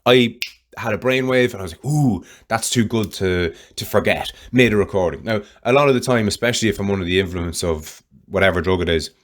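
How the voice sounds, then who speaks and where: A man's voice: fairly low pitch, fast. Candid man, solo podcast. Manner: rambling, candid, swears freely. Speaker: podcast host.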